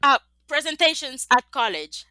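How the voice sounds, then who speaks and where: A woman's voice: sits high, animated, normal speed, pushed and bright, no room sound. A middle-aged woman from the Dominican Republic with a Spanish accent, a native Spanish speaker, speaking earnestly and reflectively as an interview guest, laughing often. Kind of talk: interview conversation.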